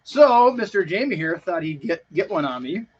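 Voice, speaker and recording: A man co-hosting a homebrewing live stream outdoors, telling stories in quick, easygoing casual chat. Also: high voice, big pitch swings, husky, lo-fi sound. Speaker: homebrew show co-host. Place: front porch patio, outdoors.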